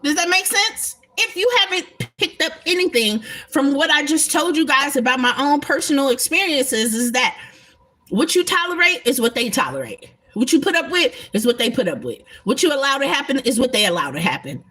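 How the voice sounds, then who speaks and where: A woman's voice: high voice, very animated, brisk, sharp tone. A woman talking emphatically and bluntly to her viewers in a casual spiritual livestream, swearing freely. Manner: emphatic, profane, talks straight to viewers.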